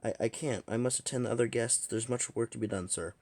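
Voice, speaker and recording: A man's voice: mid-range voice, quick pace, darkish tone, dry recording, close to an everyday voice. A man voicing a timid, polite female servant who stammers a little. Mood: flustered.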